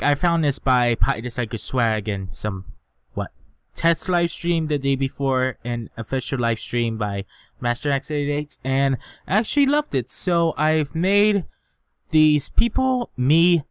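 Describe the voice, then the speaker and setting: Excitable young man reacting to a game. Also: a little high. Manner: excitable, swearing, reading events aloud and reacting with shouts and laughs. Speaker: gaming channel host. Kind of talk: casual gameplay commentary.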